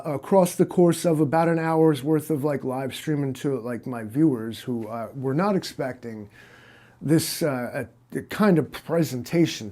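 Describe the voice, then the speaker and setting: Low-key, hesitant man hosting a stream. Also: dark tone. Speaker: livestream host. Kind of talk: improvised comic interview.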